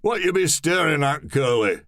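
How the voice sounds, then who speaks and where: A man's voice: fairly high pitch, animated, normal speed, gravelly, fairly bright tone, dry recording, studio quality, voice pushed up. Guy putting on a bossy skinny suit guy, raised voice, scolds a lot, slangy. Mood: scolding. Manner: scolding, full of old-fashioned slang.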